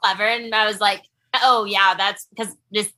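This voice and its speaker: A young woman co-hosting a podcast, telling stories in a casual, animated chat. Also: medium pitch, moderate pace. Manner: chatty, animated storytelling. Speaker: podcast co-host.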